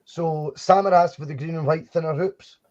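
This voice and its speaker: On a live stream from a home studio, a podcast co-host chats casually about football kits, rambling and restarting his sentences often. His voice is on the high side, with fairly even intonation, a normal speed and a darkish tone, and the sound is dull and lo-fi.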